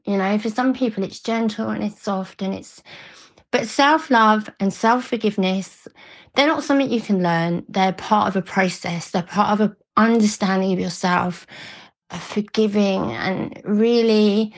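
A woman's voice: medium pitch, creaky. A middle-aged woman, a recovery coach, answering interview questions in an emphatic, fierce way with frequent restarts. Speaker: guest.

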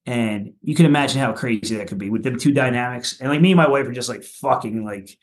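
A man from Philadelphia chats as a podcast guest in a loose, profane way. He pads his talk with "like" and "you know", and his voice climbs higher when a story gets funny. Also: fast. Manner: animated, goes higher when telling funny bits. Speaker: punk rock musician guest.

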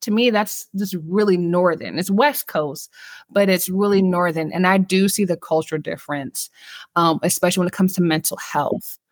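A woman's voice: on the low side, moderate pace, dry recording. A woman from California hosting a podcast, talking reflectively with many "you know" fillers and addressing listeners directly. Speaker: podcast host. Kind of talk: casual conversation on mental health.

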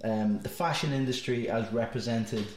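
A man's voice: medium pitch, moderate pace, a little hiss or hum. A man hosting a movie podcast, casual and jokey, laughing often. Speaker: podcast host. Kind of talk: casual comedic chat. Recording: roomy echo.

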